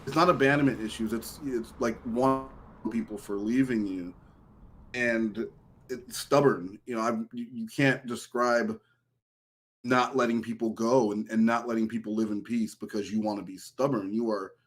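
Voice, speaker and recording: A man telling a long story in casual podcast chat, turning animated whenever he quotes someone. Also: fairly low pitch, normal speed. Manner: storytelling, animated when quoting an ex. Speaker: podcast guest.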